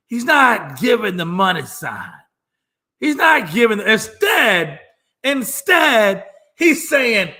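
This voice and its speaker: Lively, bright-voiced man ranting about sports. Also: high voice, slow pace. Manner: emphatic, mocking, repeats lines for effect. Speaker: sports show host. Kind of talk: solo sports talk rant.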